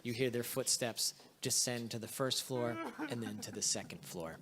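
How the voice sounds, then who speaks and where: A man narrates a tabletop role-playing session at an easygoing pace, filling pauses with ums and restarts. His voice sits at an ordinary middle pitch. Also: crowd noise. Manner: relaxed, filler-heavy narration with frequent ums. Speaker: game master.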